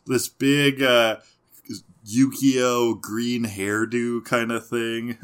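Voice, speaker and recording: A man's voice: medium pitch, flat delivery, drawn-out words, fairly bright tone, smooth. A man co-hosting a casual podcast, recapping cartoon episodes, laughing often and mimicking characters in mocking voices. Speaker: podcast co-host.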